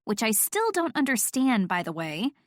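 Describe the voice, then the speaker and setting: A woman narrator voicing an excitable, gushing young woman friend who squeals and insists, in an audiobook. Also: a little high, normal speed, no room sound, clean studio sound. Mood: excited.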